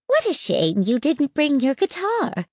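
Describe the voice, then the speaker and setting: A woman reading a storybook and voicing a gentle elderly grandmother who speaks softly and reassuringly. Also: high voice, huge pitch swings, measured pace, dry recording, studio quality, voice pushed up, exaggerated voice. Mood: coaxing. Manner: soft and reassuring.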